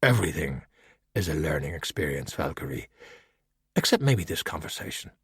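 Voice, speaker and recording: A man reads a calm, sharp-witted skeleton detective in an audiobook. The voice is husky and swings lively in pitch, wry and unhurried. The recording is close and dry. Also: no room sound, heavily acted.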